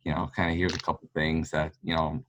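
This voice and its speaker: A man's voice: extremely low pitch, completely flat delivery, fairly quick, a bit bright, a little hiss or hum. A man, a golf fan, telling a long story in casual chat, rambling with lots of fillers. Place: local pub.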